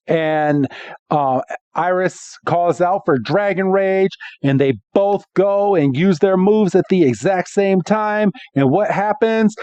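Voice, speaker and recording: A man's voice: a little high, smooth, no echo, lo-fi sound. A man co-hosting a podcast, recapping a cartoon episode in casual chat and acting out the characters' lines with energy. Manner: animated storyteller, acts out quotes. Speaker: podcast co-host.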